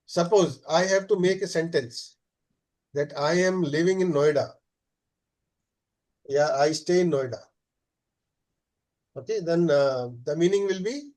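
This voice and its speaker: A man teaches a live beginner class. His voice sits fairly high, and he pauses on "uh" a lot. He checks in with his students by saying "okay?" again and again. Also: darkish tone. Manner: explains slowly, checks with frequent "okay?"; many "uh" fillers. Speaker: German teacher.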